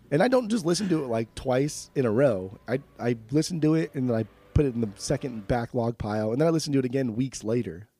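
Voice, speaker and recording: A man's voice: medium pitch, animated, fairly quick, darkish tone, husky. A young man co-hosting a podcast in a casual chat, laid-back and swearing, with frequent restarts. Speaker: podcast co-host.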